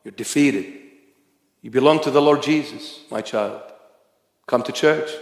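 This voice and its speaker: A man preaching a sermon, forceful and at times shouting. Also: medium pitch, normal speed. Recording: echoey hall.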